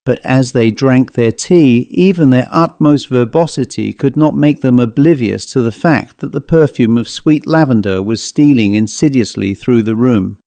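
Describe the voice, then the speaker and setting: A man narrating a ghost story as an audiobook reader, in a measured, even way. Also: mid-range voice, no echo. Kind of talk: scripted narration.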